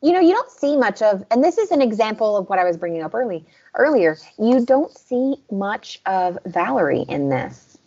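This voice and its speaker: A woman with a Southern US accent chats casually as a podcast co-host and goes over scenes in detail. Her pitch rises and falls a lot. The audio is dull and lo-fi. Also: sing-song, normal speed, mellow. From American South. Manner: chatty, recaps scenes in detail. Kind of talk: casual chat.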